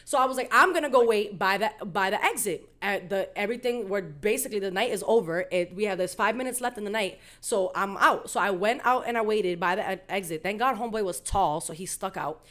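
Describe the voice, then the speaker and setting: A woman's voice: mid-range voice, fast talker, few pauses. A young woman hosting a podcast, telling a story in casual, slangy and profane chat and acting out the other people's lines. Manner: animated, slangy and profane, acts out quoted dialogue. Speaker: podcast host.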